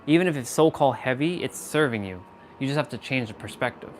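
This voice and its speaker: A man's voice: medium pitch, lively intonation, quick pace, faint music behind. Rambling man on a livestream. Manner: rambling, playful wordplay, talks to chat. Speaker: livestream host. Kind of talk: casual motivational livestream chat. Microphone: phone or laptop for live stream.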